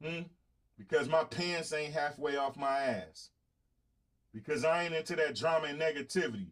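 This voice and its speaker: This podcast host, a middle-aged man with a Southern US accent, speaks at a normal speed in a voice on the high side and a bit bright. He addresses his audience in a blunt, casual monologue full of boasting and profanity.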